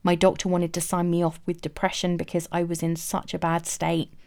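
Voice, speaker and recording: A woman's voice: lowish voice, completely flat delivery, fairly quick, vocal fry, darkish tone, clear, resonant tone. A woman frankly telling a personal story in a reflective, matter-of-fact way. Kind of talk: candid first-person storytelling.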